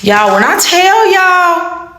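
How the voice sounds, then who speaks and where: A woman telling a personal story to her viewers in a casual storytime, animated and heavily profane, repeating phrases for emphasis. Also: extremely high pitch, slow, a little hiss or hum. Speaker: storytime vlogger. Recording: very echoey room.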